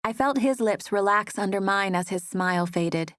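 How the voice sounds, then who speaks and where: A woman narrating a first-person romance audiobook in a soft, intimate storytelling manner on a close studio mic. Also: medium pitch, moderate pace, no echo.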